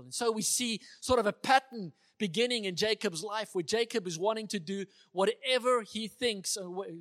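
A man giving a conversational sermon who sometimes acts out the dialogue he retells. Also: a little high. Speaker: preacher.

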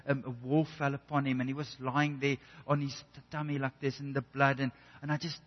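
A man's voice: medium pitch, level tone, brisk. A man preaching a sermon in an earnest way, often restarting and repeating words as he builds a point. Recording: echoey hall, dull lo-fi sound.

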